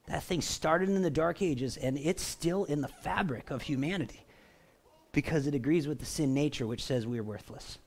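A man preaching a sermon in a relaxed, conversational way, often checking in with the congregation. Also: a little high, moderate pace. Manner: animated, conversational, asks the crowd for response. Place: church.

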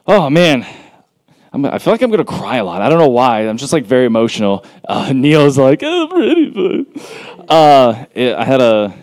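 30s guy praying then chatting at church, kinda low voice, lots of ums and restarts. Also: a little mellow. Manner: rambling, self-deprecating, restarts and fillers. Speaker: church speaker. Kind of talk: prayer then casual sermon intro.

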